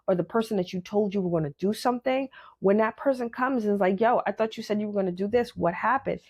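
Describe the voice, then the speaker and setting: A woman's voice: medium pitch, darkish tone, slightly rough. Woman, podcast host, blunt motivational monologue; emphatic, repetitive, casual swearing.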